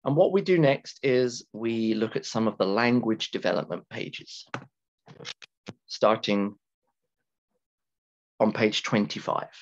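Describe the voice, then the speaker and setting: A man teaching an English grammar lesson to students, talking slowly and deliberately, repeating key words and stretching them for emphasis. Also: lowish voice. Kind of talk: recorded classroom grammar lecture. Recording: dull lo-fi lecture recording with keyboard typing.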